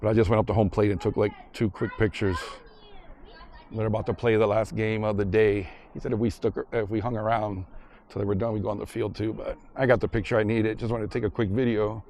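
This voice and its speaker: A man's voice: on the low side, brisk, slight background noise. A man casually narrating a vlog outdoors, chatting as he walks through a parking lot and ballpark with a handheld camera. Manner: relaxed, chatty, retells scenes as he walks. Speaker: vlogger visiting filming locations.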